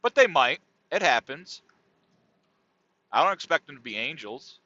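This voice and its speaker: A man's voice: fairly high pitch, sing-song, a little slow, bright, forceful tone, no room sound. A middle-aged man hosting a podcast, talking in a rambling, laid-back and profane monologue. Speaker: podcast host. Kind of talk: casual comedic monologue. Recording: dull dry lo-fi sound.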